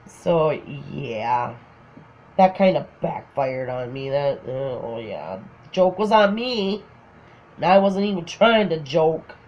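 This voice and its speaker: A woman's voice: low-pitched, very animated, slow pace, dull audio. A woman with a Minnesotan accent casually telling a funny personal story, often laughing. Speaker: craft vlogger.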